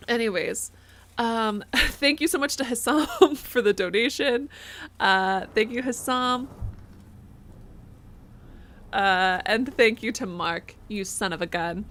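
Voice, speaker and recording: A young woman streams a game in a slightly high voice. She chats loosely into a desk microphone, giggling and yelping at sudden scares, then settles back into friendly rambling as she thanks viewers. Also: takes it slowly, pauses often, a bit bright. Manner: chatty, giggly, easily startled, reads donations aloud. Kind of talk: casual live gameplay commentary.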